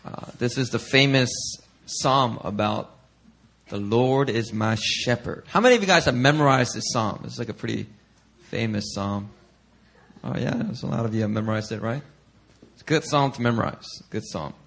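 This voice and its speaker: A male pastor preaching a sermon in an animated, emphatic way, calling out questions to the congregation. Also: mid-range voice, normal speed, creaky.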